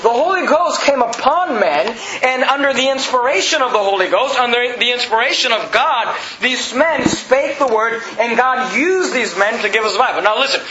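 A man preaching a sermon, emphatic and repetitive, quoting scripture and putting questions to the congregation. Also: extremely high pitch. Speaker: pastor. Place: church sanctuary. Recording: echoey, dull sanctuary recording.

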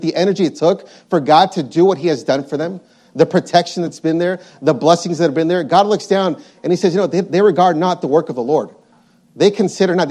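A man's voice: fairly high pitch, darkish tone. A man preaching a sermon, reading scripture aloud and repeating his points with emphasis.

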